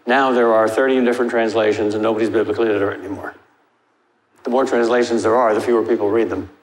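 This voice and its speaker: An older man answering audience questions after a lecture, emphatic and wry, his pitch jumping up for stress. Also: fairly even intonation, fast. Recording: echoey hall with faint noise.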